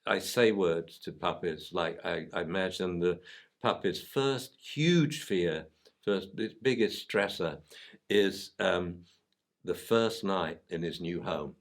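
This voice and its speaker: A man who trains dogs, telling animated stories in a casual podcast chat. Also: deep voice, slow, vocal fry. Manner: animated, vivid storytelling. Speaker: dog trainer and podcast guest.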